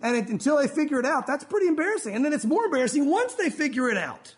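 A man's voice: very high voice, sing-song, quick pace. A pastor, preaching a sermon in an earnest, conversational way and talking straight to his congregation.

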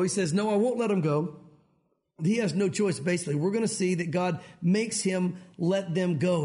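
A pastor from Tennessee preaches in an easy, conversational way, his light Southern accent showing through. He talks fast and often restarts his sentences mid-thought. His voice sits notably high for a man. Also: darkish tone. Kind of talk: sermon.

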